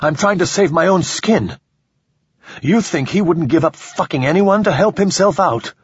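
A man voicing a cornered man, desperate and angry, urgent, husky, higher-pitched than the narration, dry dull sound. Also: sing-song, unhurried, no room sound, heavily acted. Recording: slightly dull lo-fi recording.

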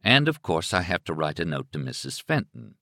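A man's voice: low-pitched, very animated, a little fast, bright, forceful tone, dry recording, clean studio sound, exaggerated voice. Man voicing a dazed, troubled writer. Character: troubled adult male writer in a trance.

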